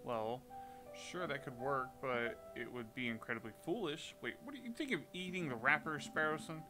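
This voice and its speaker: A man's voice: medium pitch, expressive, normal speed, over music, close to an everyday voice, low-quality recording. A man reading a flustered young bird lawyer. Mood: worried. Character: young male bird lawyer, anxious, earnest.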